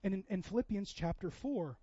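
High-voiced man preaching a sermon. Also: expressive, brisk, dark tone, slightly rough, no room sound, highs cut off. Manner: conversational preaching, acts out quoted voices. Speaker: pastor.

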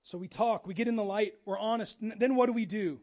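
A man preaching a sermon in a conversational way, swinging from hushed to loud and urgent, and acting out the quoted voices. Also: high-pitched, quick pace, highs cut off. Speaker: pastor.

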